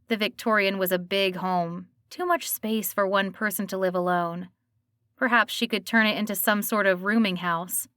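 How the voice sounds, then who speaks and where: A woman narrates a cozy mystery in an even, storytelling voice of middle pitch. The recording is dry and close with no room sound. Her reading is steady and clear. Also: dry recording. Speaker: audiobook narrator. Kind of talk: scripted narration.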